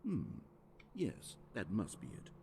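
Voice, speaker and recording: A man's voice: on the low side, wildly swooping pitch, slow, creaky, warm tone, a little hiss or hum, full character voice. A man playing a dry, sarcastic narrator in a video game, speaking with mock-earnest irony. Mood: mock-fascinated. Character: wry, sarcastic male game narrator, middle-aged.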